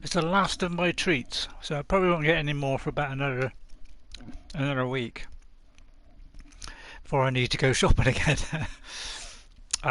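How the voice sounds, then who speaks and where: A man's voice: a little high, pushed and bright, no echo. A man live-streaming a game from home, chatting casually and rambling with little chuckles, close to his desk mic. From United Kingdom. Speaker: gaming streamer. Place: home room.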